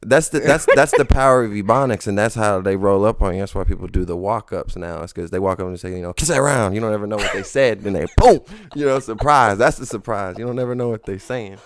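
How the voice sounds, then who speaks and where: A man's voice: fairly low pitch, quick pace, hardly any pauses. A man talking casually as a podcast guest, laid-back and rambling.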